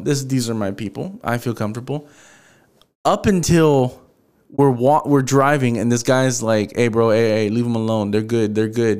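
Smooth-voiced man telling a story. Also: mid-range voice. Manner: profane, animated, acts out quoted dialogue. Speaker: podcast host. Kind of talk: casual solo storytelling.

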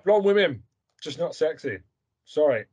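A man's voice: fairly high pitch, expressive, measured pace, a little mellow, slightly rough. A man hosting a podcast, talking bluntly and provocatively in crude casual chat. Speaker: podcast host.

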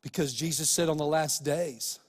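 High-voiced preacher in a reverberant hall. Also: male voice, moderate pace. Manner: emphatic, addresses listeners directly with rhetorical questions. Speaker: pastor. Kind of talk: sermon.

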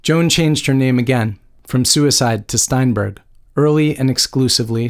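A man's voice: medium pitch, dark tone. A man reading a novel aloud as an audiobook narrator, with a dry, wry storytelling manner. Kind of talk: scripted narration.

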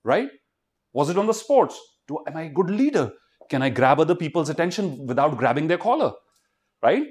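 Male motivational speaker, slightly high voice, swoops a lot, fires questions at a student crowd. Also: a little fast. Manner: animated, keeps quizzing the audience and leading call-and-response. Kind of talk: motivational talk to a student audience.

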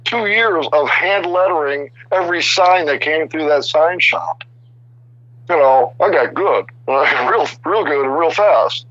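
A man's voice: fairly high pitch, a little slow, dry recording, muffled recording. Older man telling rambling career stories. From Chicago area. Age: 60s. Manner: rambling, animated, many restarts. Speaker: guest artist. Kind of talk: casual storytelling interview.

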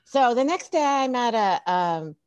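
Telling comic tales on a laid-back podcast, a middle-aged ex-teacher and tech coach laughs often and frequently begins her thoughts again. She speaks unhurriedly in a smooth voice on the high side, with no room sound and a lo-fi quality.

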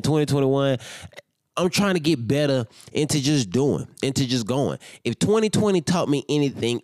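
A man's voice: medium pitch, a little mellow, dry recording, clean studio sound. A young man hosting a casual solo podcast, talking in a loose, rambling and profane way, sleepy and yawning without his coffee. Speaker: podcast host.

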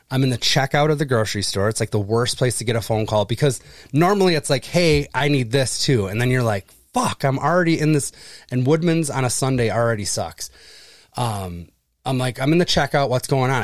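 A man's voice: mid-range voice, dry recording, clean studio sound. A man in his thirties telling stories on a casual podcast, swearing freely and acting out the people he talks about. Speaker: podcast co-host. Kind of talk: casual chat.

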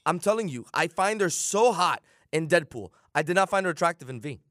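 A man co-hosting a casual chat, talking in an excited, teasing, emphatic way. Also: a little high, a little fast, no echo, studio quality. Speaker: show co-host.

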